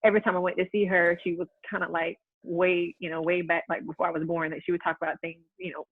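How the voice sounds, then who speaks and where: A woman's voice: lowish voice, level tone, fast talker, dry recording, phone-quality sound. A woman hosting a casual faith chat, talking in a heartfelt, earnest way with many restarts. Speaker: host.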